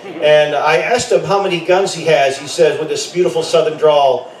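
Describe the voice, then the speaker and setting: High-voiced middle-aged man, echoey and distant. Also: steady tone, moderate pace. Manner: rambling, with frequent self-corrections and joking asides. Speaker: camp director speaking at a rally. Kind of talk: informal rally speech.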